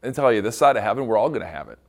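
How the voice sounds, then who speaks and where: A man's voice: on the low side, expressive, very fast. A middle-aged man, a school pastor, gives a devotional talk to students and acts out the quotes as he tells the story.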